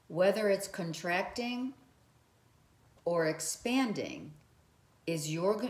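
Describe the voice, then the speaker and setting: A woman's voice: fairly low pitch, roomy sound. A woman giving earnest motivational advice to the viewer, often repeating her phrases and speaking to the viewer directly. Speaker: relationship advice vlogger. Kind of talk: motivational talk to camera.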